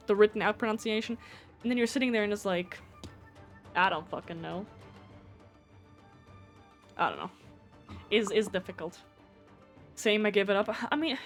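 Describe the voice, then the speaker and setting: German-accented woman streamer, slightly high. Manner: rambling, swears often. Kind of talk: casual live gameplay chat.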